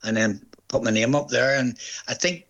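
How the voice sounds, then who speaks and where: A man's voice: mid-range voice, normal speed, highs cut off. Chatty Northern Irish man telling stories. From Northern Ireland. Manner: chatty storyteller, quotes others in lively voices. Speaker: stage actor guest. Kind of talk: casual interview chat.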